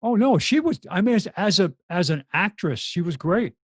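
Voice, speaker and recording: A man co-hosting a casual tech talk show over a video call, talking in an emphatic, animated way. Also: high voice, normal speed, husky, no echo. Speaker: co-host. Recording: dry close mic over a video call.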